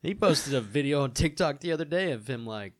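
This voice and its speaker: A man's voice: a little high, lively intonation, a little fast, no echo. A man, chatting with friends on a podcast. He laughs easily, and his voice swings up and down a lot. The sound is close and dry. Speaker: podcast guest. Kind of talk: casual chat.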